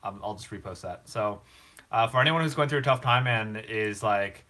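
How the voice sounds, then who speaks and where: A man's voice: on the low side, normal speed, noisy background. A young man hosting a casual live stream, talking earnestly and emotionally to comfort a viewer.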